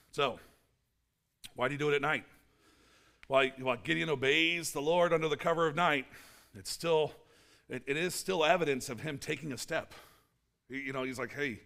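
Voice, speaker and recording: A man's voice: a little high, creaky. A male pastor preaching a casual, playful sermon in church, acting out little scenes. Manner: animated, playful, acts out little scenes and quotes.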